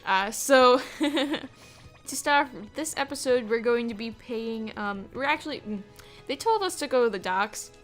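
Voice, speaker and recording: A woman's voice: a little high, expressive, unhurried, fairly bright tone, soft background music. A young woman hosting a let's play, chatting casually with many fillers. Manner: chatty, casual, hesitant with fillers and little laughs. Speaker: gaming channel host.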